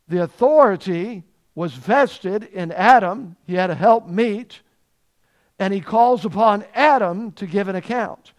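A man preaching a sermon to a congregation, swinging between loud emphasis and quiet asides and asking questions of the people. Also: sits high. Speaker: pastor.

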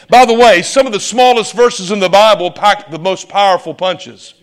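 A male preacher delivering a sermon, emphatic and swinging from loud exclamations to hushed asides. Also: sits high, moderate pace, hardly any pauses.

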